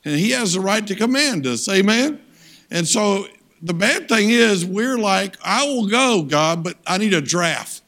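Older male guest preacher, higher voice, folksy, keeps asking the crowd for amens. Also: measured pace. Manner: animated, folksy storytelling with audience call-outs. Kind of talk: sermon.

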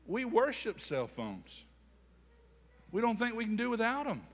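A man's voice: very high voice, very animated, a little slow, big-room sound. A man preaching a sermon with call-and-response, speaking. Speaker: pastor.

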